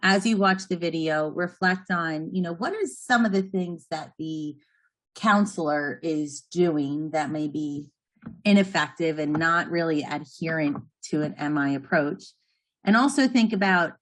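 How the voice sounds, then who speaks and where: Woman trainer w a deep-ish voice, earnest, walks through the lesson step by step. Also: poor audio. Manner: earnest, explanatory, with frequent restarts. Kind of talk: online training session.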